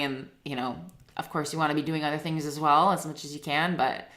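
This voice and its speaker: A woman in her thirties, a singer-songwriter and guest, talking in a casual, rambling, earnest way, full of "like" and quick laughs. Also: deep voice, fairly even intonation, sharp tone. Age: 30s. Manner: rambling, heavy use of "like", laughs often; earnest and emotional. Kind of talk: casual interview chat.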